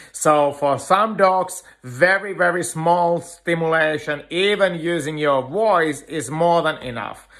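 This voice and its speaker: A man giving an earnest dog-training lecture, talking in halting phrases full of "uh" fillers. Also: fairly high pitch, fairly bright tone. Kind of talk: instructional lecture.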